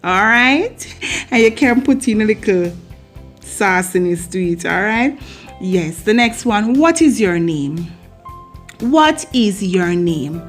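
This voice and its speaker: A Jamaican woman vlogger giving a casual language lesson, repeating phrases slowly and playfully for learners. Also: medium pitch, lively intonation, soft background music. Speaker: vlogger teaching Patois.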